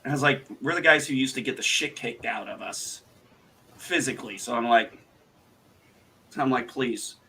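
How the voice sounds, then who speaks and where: Bright-voiced man telling stories. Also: mid-range voice, normal speed, long pauses, slightly rough. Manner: animated, swearing storyteller, acts out quoted retorts. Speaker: host. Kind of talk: casual livestream chat.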